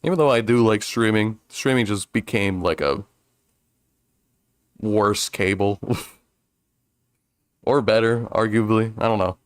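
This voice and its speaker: A man streaming a game talks in a loose, rambling way, trailing off and restarting while he chuckles to himself. His voice sits fairly low, and the recording is close and dry. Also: measured pace, pauses often, clean tone, dry recording. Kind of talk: casual let's-play chat.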